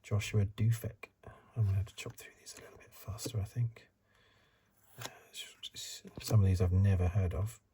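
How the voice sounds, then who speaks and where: A middle-aged man hosting a soft-spoken ASMR card review, rambling in asides and drifting into whispers, recorded close to the mic. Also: deep voice, steady tone, normal speed, background noise. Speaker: ASMR channel host.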